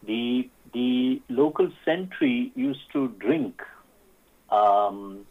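A man, a radio guest who tells stories haltingly, with many fillers and restarts. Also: mid-range voice, lively intonation. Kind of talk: radio interview storytelling. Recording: phone-like narrow sound.

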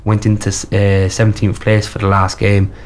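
A man hosting a casual football chat, giving measured, opinionated takes. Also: on the low side, monotone, darkish tone.

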